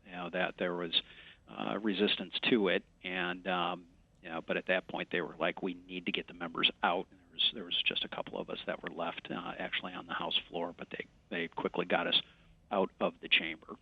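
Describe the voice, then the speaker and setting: Halting low-voiced man on a muffled line. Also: little pitch movement, vocal fry, slightly rough. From West Michigan. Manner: halting, many fillers and restarts. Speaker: congressman. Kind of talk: remote news interview.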